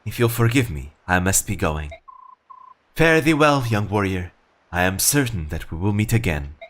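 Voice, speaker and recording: A man voicing a calm, mysterious monk who speaks in a measured, gracious way. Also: low-pitched, voice pushed down. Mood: serene. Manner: calm, measured, soft-spoken.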